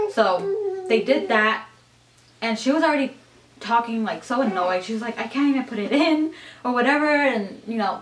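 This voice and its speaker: Young woman, casual storytelling to camera, chatty and animated, mid pitch, echoey room. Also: far from the mic, a little hiss or hum. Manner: chatty, animated, lots of "like" and "you guys". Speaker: vlogger.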